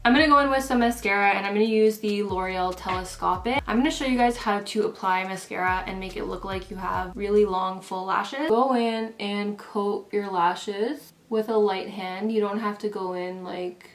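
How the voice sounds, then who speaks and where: A woman's voice: mid-range voice, moderate pace, hardly any pauses. A woman beauty vlogger talking casually through a makeup tutorial and a story, chatty and full of "like" fillers. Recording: roomy echo.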